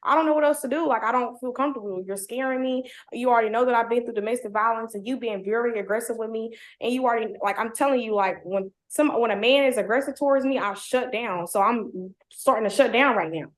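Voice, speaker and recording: Young woman, casual storyteller, slangy and blunt, lots of "like", higher-pitched, echoey room. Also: fast talker, hardly any pauses. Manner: heavy "like" fillers, slangy, blunt. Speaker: guest telling her story. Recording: roomy echo.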